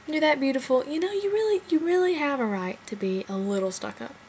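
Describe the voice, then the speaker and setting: Lively young woman telling a story. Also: fast, slight background noise, rough recording. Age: 20s. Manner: animated, big pitch swings, chatty. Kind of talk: casual personal storytelling.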